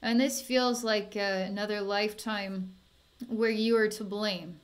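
A woman guiding an energy healing session at an unhurried, drawn-out pace. Her voice is soft and soothing, with sighs and small laughs between phrases. Her pitch sits in a middle range for a woman. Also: steady tone. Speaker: psychic healer.

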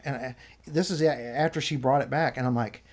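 A man telling an anecdote in casual chat, annoyed, animated, acting out what people said. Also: mid-range voice, a little fast. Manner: animated retelling, acts out quotes.

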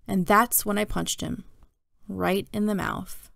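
A woman reads a children's novel aloud in a steady, plain narration. Her mid-pitched voice has a gravelly fry at phrase ends. The sound is dry and close, with no room around it. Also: a little slow, no echo. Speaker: storyteller.

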